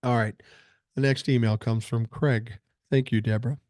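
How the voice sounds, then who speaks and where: A man's voice: medium pitch, fairly even intonation, normal speed, darkish tone, dry recording, clean studio sound. An older man hosting a podcast, reading listener emails aloud and answering them bluntly with plenty of swearing, still getting over a cold. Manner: blunt, profane, opinionated. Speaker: podcast host.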